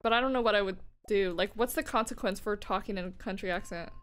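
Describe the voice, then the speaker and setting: A tired woman streaming a game and chatting casually with a friend, playful and teasing with quick laughs. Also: medium pitch, fairly bright tone. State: tired, low energy. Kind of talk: casual gaming chat.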